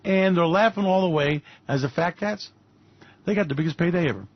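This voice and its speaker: A man's voice: on the high side, brisk, dry recording, lo-fi sound. A man hosting a radio show, giving fiery, mocking commentary on politics and finance with repeated punchlines. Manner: ranting, mocking, repetitive punches.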